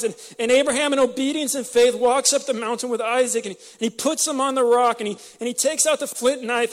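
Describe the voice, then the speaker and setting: A man preaching a sermon with passion, emotional and choked up, often repeating words as he presses a point. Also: very high-pitched. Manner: impassioned, emotional, repeats words when stirred. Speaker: pastor.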